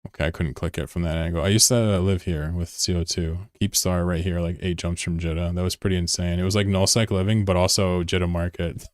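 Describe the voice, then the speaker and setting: A man chatting casually on a live game stream, excitable and swearing freely as he answers chat between calls. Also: sits low, brisk, no room sound, studio quality.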